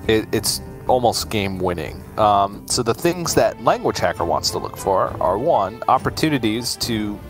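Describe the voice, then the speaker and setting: A man casting a card game match live, animated and quick to laugh. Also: fairly low pitch, soft background music. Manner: animated, laughs often, excitable. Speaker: esports caster.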